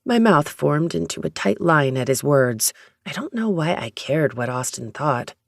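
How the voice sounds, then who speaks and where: An audiobook narrator reading a first-person romance story in a steady, even storytelling manner. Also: medium pitch, measured pace, creaky, dry recording, studio quality.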